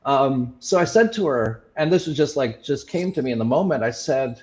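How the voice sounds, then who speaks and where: A man hosting a talk show, telling a personal story in a casual, reflective way, often pausing and restarting with fillers. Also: medium pitch, expressive, darkish tone. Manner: halting, many fillers and restarts. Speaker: show host sharing his experiences.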